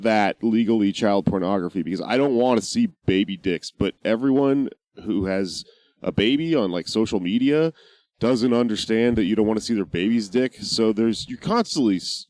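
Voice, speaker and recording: Casual: low-voiced podcast guy, swears a lot, laughs at his own jokes, dry recording. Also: a little mellow, no room sound. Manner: joking, profane, laughs often. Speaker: podcast co-host. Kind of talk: casual comedic chat.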